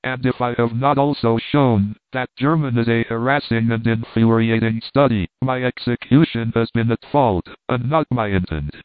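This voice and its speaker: A man giving a scripted narration of a humorous essay in a steady, measured reading style. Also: medium pitch, dry recording. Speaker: audiobook reader. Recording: dry, phone-like narrow band.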